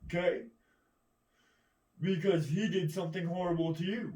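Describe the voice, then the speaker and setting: In an echoey room, picked up by a distant mic, a man with a high-pitched, steady, somewhat dark voice delivers a profane rant at a moderate pace. He rambles combatively, swears nonstop, and keeps asking "right?"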